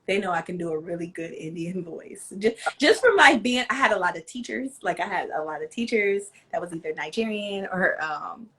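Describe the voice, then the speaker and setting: A woman hosting a casual interview, gushing and bubbly, quick to laugh. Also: on the low side, animated, sharp tone, rough recording. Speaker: interview host.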